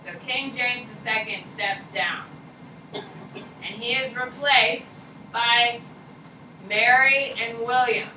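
A woman high school history teacher giving a casual, joking classroom lecture, repeating key points for students to write down. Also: fairly even intonation, slow pace, long pauses. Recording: echoey classroom from far off, noisy.

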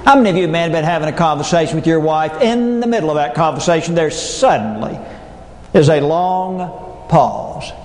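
A man's voice: a little high, expressive, normal speed. Folksy man speaking in an echoey hall. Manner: folksy storytelling with punchlines. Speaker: motivational speaker. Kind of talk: humorous keynote speech. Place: large hall before an audience. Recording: echoey hall with long reverb.

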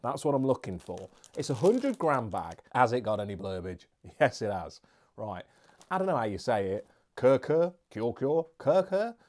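A man with a fairly low voice that swings up and down as he talks. He reviews beer and snacks in a relaxed vlog, chatty and joking, drifting into side remarks. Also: normal speed. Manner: chatty, jokey, rambling asides.

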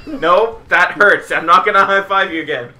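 A man's voice: high voice, normal speed, noisy background. A man joking sarcastically and laughing with friends while playing a golf game. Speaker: let's play co-commentator. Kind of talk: casual gaming banter. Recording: roomy echo, faint game music.

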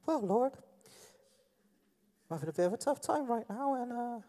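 A man putting on a high, halting voice of a struggling churchgoer, played for laughs in a sermon. The voice jumps well above his usual pitch and rings in a long hall reverb. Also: expressive, dark tone. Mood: playful. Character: congregant woman voice, high and halting.

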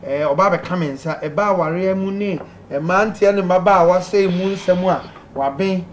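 Lively male call-in radio host. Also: high-pitched, normal speed, slight background noise. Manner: lively, laughing, pleading with callers to speak. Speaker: radio host reading listener messages. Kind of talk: call-in advice show.

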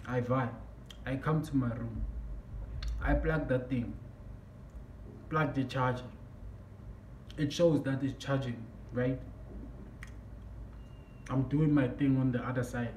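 A man telling a story on his vlog, animated and excitable, breaking into shouts, recorded in an echoey room. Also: medium pitch, takes it slowly, pauses often. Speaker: vlogger. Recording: echoey room, mic at a distance, faint background noise.

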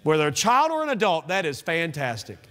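A male pastor preaching an evening sermon in a church, animated and conversational, asking the congregation questions. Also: on the high side, a little fast. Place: church sanctuary.

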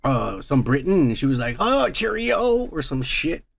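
A man's voice: medium pitch, normal speed, gravelly, very noisy. A man hosting a podcast, talking in a crude, rambling, profane way and laughing often. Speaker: podcast host. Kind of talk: crude casual chat.

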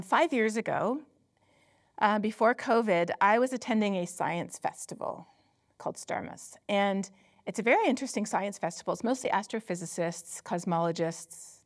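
In a company headquarters lecture hall, a woman climate scientist presents a public lecture at a moderate pace in a mid-range voice. Her storytelling is peppered with emphatic rhetorical questions and plenty of laughter.

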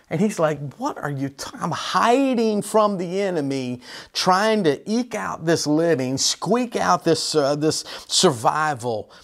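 A man preaching an earnest sermon as pastor, asking rhetorical questions with emphasis. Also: on the high side. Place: church sanctuary.

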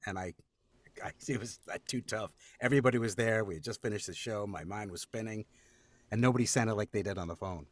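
A man's voice: on the low side, quick pace, no room sound. A man, a voice actor, telling stories in a casual interview, acting out quotes and laughing often. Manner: animated storyteller, acts out quotes, laughs often. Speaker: voice actor guest.

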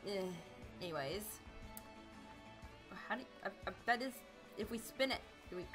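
A woman's voice: mid-range voice, unhurried, long pauses, pushed and bright, faint music behind. A woman hosting a live video game stream, chatting casually, greeting viewers by name and laughing often. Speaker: livestream host playing a video game. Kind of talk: casual live gameplay chat.

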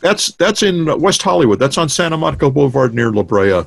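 A man's voice: fairly high pitch, very animated, fairly quick, vocal fry, slightly rough, no room sound. A man in his sixties, a guest drummer, telling stories in a casual interview with many fillers and restarts over a video call. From United States. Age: 60s.

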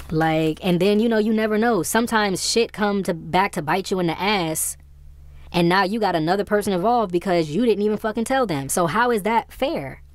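A woman giving a casual tarot reading to her viewers, blunt and profane, growing animated and exasperated. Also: on the low side, dry recording. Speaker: tarot reader.

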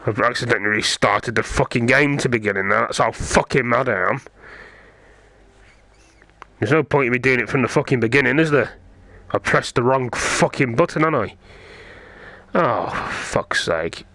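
A man's voice: medium pitch, a little fast, sharp tone, dry recording. A man playing a video game, ranting and swearing constantly in frustration. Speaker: gamer. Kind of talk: frustrated gaming commentary.

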